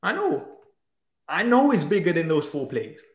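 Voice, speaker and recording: A male debate guest argues insistently and with exasperation in a heated football debate, talking over the other man. His voice is fairly high with big pitch swings, at normal speed, in an echoey room.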